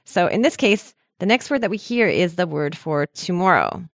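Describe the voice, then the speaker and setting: A woman's voice: on the low side, very animated, moderate pace, dry recording, studio quality. A woman co-hosting a language lesson, chatty and explaining patiently with frequent laughs. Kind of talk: casual podcast lesson.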